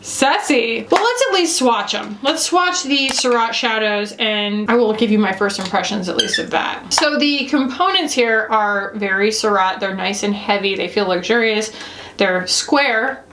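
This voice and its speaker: A woman's voice: fairly high pitch, lively intonation, a little slow, fairly bright tone, roomy sound, a little hiss or hum. A woman doing a casual, playful makeup review, chatting to herself as she applies products. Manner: bubbly, playful, talks to herself while applying makeup. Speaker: beauty reviewer.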